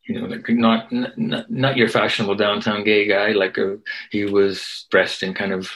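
An older man recounting a memory as an interview guest, his voice sitting somewhat low. He speaks in a relaxed, conversational way, checking in with a frequent "right?" as he goes. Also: normal speed, low-quality recording. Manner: conversational, tags lines with "right?". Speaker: guest, activist and historian. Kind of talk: storytelling interview.

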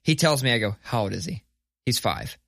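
Middle-aged man, podcast co-host, animated and profane storyteller, dry close sound. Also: mid-range voice, a little fast, gravelly, no echo. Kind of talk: casual storytelling chat.

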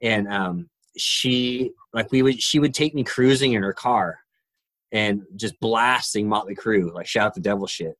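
Low-voiced laid-back man in his 40s. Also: unhurried, a bit bright, no echo. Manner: laid-back, self-deprecating. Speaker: podcast guest. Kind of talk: casual chat.

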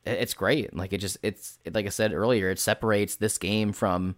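A man's voice: fairly low pitch, steady tone, normal speed, no echo, studio quality. A man in casual chat about tabletop role-playing, rambling and swearing freely. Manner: rambling, swears casually, acts out quotes in put-on voices.

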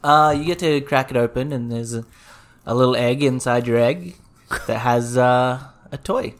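Male Australian guest, relaxed and slightly hesitant, plain mid voice. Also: mid-range voice, moderate pace. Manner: easygoing, modest, a bit hesitant. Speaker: podcast guest. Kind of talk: casual chat.

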